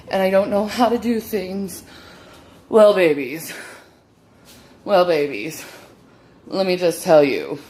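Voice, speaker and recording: A woman shows off her home on a handheld phone camera, a little out of breath, in a slow, unhurried voice. She sounds flamboyant and defiant, leaning on words like "darling." A soft room noise runs under her voice. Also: on the low side. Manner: showy, defiant, calls viewers darling. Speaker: vlogger giving a home tour. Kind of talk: walking home-tour vlog. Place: indoor apartment, moving between rooms.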